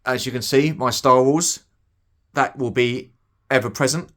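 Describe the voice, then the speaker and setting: Speaking a little slowly in a medium-pitched, somewhat bright voice, a middle-aged British man gives casual unboxing commentary on his toys. His talk is rambling and self-deprecating, full of fillers.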